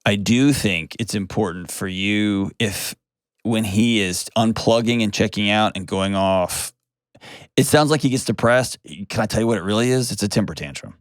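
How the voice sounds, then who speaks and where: A man's voice: fairly low pitch, moderate pace, dry recording, studio quality. A middle-aged man, hosting an advice show and talking with a caller in a direct, blunt, plainspoken way, repeating key phrases. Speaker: host.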